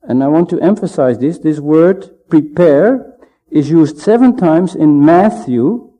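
A man giving a measured, emphatic Bible teaching sermon, pausing often to stress his points. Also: on the high side, lively intonation, mellow. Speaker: preacher. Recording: dull lo-fi sound.

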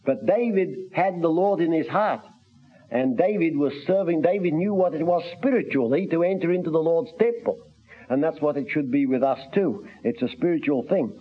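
Earnest male preacher on old lo-fi radio. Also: fairly high pitch. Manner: measured, earnest, reads scripture aloud in old-fashioned wording. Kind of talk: sermon. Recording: dull lo-fi radio recording.

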